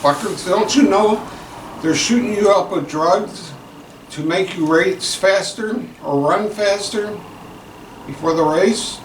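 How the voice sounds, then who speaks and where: Guy putting on a mouthy talking dog, kinda higher voice, bossing everyone around, echoey room, mic far off. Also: slow pace. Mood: scolding. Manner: blunt, scolding. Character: crude, know-it-all talking dog in a joke. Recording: echoey room, distant mic, background noise.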